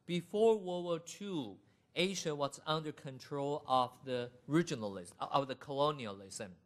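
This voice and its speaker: Middle-aged man giving an academic lecture. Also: on the high side. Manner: deliberate, enumerating points in lists. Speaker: university lecturer. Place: university lecture hall.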